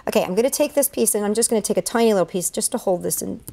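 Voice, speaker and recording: A woman who entertains at children's events walks viewers step by step through a duct tape craft, narrating aloud as her hands work. Her mid-range voice is rapid-fire, creaky and mellow, and she stays chatty, upbeat and encouraging throughout.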